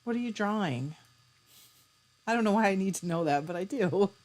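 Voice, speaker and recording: A woman chats her way through a live stream at a middling pitch. She reads viewers' comments aloud and answers each one in a friendly, easygoing way. Now and then she stops to clear her throat. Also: lively intonation, normal speed. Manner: chatty, reads out comments and answers them warmly. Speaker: livestream host.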